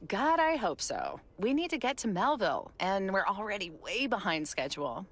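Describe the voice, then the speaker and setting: An actress playing a practical TV segment producer who speaks in a calm, dryly teasing way. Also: female voice, mid-range voice, moderate pace, husky, heavily acted. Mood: wry.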